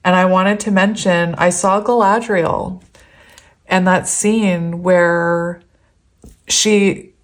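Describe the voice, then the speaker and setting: A woman's voice: on the low side, steady tone, slow pace. A woman talking straight to her viewers through a tarot reading. She rambles and chats freely and breaks into laughter often as she turns the cards. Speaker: tarot reader. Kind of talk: casual pick-a-card tarot reading.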